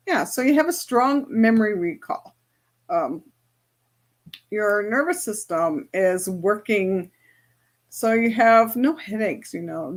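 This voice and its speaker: A woman teaching a group as a spiritual and business coach, in a chatty, casual way that keeps checking in with her listeners. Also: mid-range voice. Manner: chatty, often checks in with "right?".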